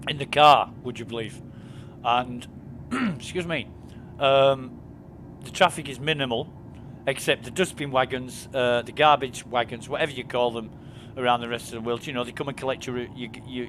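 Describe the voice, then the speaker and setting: A man from the United Kingdom chats casually at his home desk while live-streaming a video game, his mid-range voice a bit bright. He rambles with lots of fillers and laughs at his own stories, with slight background noise.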